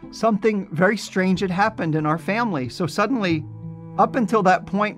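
A middle-aged man from New Jersey narrates his own story with earnest, reflective warmth, his voice sitting a little above the usual male range. A soft instrumental bed plays faintly under his words. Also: high-pitched. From New Jersey, USA. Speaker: speaker giving a personal testimony. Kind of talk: recorded testimony video narration.

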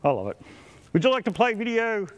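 A man's voice: high-pitched, very animated, a little fast, highs cut off. A man preaching a sermon with enthusiastic, admiring emphasis and chuckling asides.

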